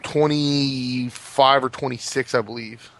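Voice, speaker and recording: A man's voice: medium pitch, steady tone, takes it slowly, gravelly, a bit bright. A man chatting casually about video games, rambling with many fillers and restarts. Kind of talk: casual gaming chat.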